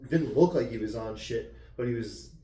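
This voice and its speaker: A man's voice: medium pitch, normal speed, warm tone. Casting: male podcast co-host, joking and profane, roomy far-off sound. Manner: laughs often, swears freely. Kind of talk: casual banter. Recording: roomy sound, distant mic.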